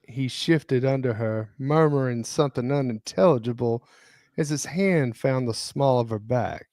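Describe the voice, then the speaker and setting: A man hosting a podcast, reading a spicy romance story aloud in a deliberate way and breaking off to joke. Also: mid-range voice, darkish tone, no room sound. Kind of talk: reading spicy fiction aloud with joking asides.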